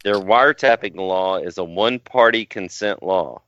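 A man's voice: low voice, moderate pace, a bit bright, dry recording, highs cut off. A man co-hosting a podcast, teasing and crudely ribbing his partner in casual chat. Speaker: podcast co-host.

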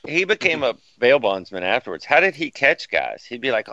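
A man's voice: medium pitch, sing-song, a little fast, sharp tone, no room sound, highs cut off. A man co-hosting a casual chat, dropping dry wisecracking asides. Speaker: podcast co-host.

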